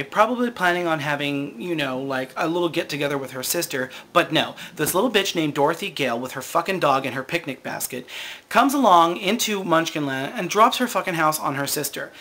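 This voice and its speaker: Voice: mid-range voice, fairly bright tone, slight background noise. A vlog host delivering a sarcastic, profane comedic rant to camera and laughing often.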